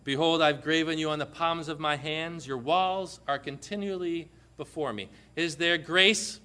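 High, bright-voiced male preacher. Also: normal speed, hardly any pauses, clear, resonant tone. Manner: builds from quiet storytelling to loud, forceful preaching. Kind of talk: impassioned sermon.

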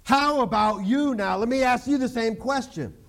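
A man preaching a sermon to his congregation, animated, joking and acting out the people in the story. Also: very high voice, moderate pace. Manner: animated preaching with jokes and acted-out quotes. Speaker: pastor.

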